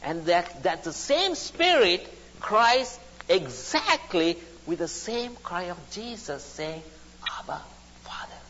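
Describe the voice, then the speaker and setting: A man's voice: sits high, very animated, slow pace, fairly bright tone, slight background noise. A man preaching a sermon, speaking emphatically and repeating his phrases. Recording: dull recording in a reverberant hall.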